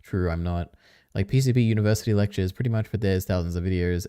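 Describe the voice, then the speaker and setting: A man's voice: low voice, fast talker, warm tone, smooth, no echo, clean studio sound. A man streaming casually, reading on-screen text aloud, trailing off and muttering to himself. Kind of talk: casual live-stream commentary.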